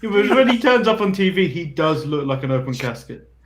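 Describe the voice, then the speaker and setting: A man with a fairly high voice chatting casually on a wrestling podcast. He stumbles over his openings, repeating words before he gets going, and chuckles along with the others. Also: very animated, brisk. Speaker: podcast co-host. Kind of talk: casual chat.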